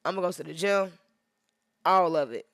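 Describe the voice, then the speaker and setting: A woman talking on a livestream while she edits, with a bright, forceful tone. She rambles and leans hard on her points, sliding into preachy advice, and sounds worn out. The recording is dry and close. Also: on the low side, normal speed, no room sound. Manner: rambling, emphatic, drifts into preachy asides. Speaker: photographer livestreaming her editing. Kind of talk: casual livestream talk.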